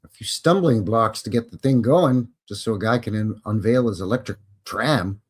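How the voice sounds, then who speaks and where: A man's voice: lowish voice, moderate pace, breathy edge. A man hosting a live history stream, chatting casually with jokes and rambling asides. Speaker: host.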